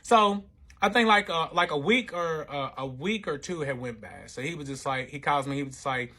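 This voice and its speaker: A man's voice: fairly high pitch, expressive, moderate pace, bright, forceful tone. A man telling a personal story in a casual, rambling monologue, swearing heavily and restarting his sentences. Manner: profane, rambling, self-interrupting.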